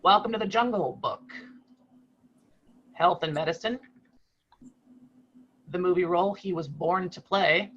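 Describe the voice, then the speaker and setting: A man hosting a trivia quiz over a video call, reading clues in a brisk, matter-of-fact way. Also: high-pitched, fairly bright tone, slight background noise. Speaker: quiz host. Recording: slightly muffled video call audio.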